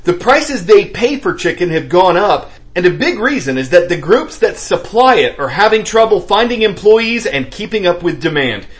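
A man reading the news as anchor in a brisk, clear newsreader delivery. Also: high voice, sing-song. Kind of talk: scripted news narration.

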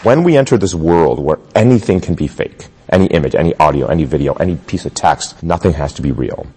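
A male professor with a very deep, husky voice speaks in an interview and explains in a measured, emphatic way. His pitch moves widely, and long reverb trails behind his words. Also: lively intonation, warm tone. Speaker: professor and digital forensics expert.

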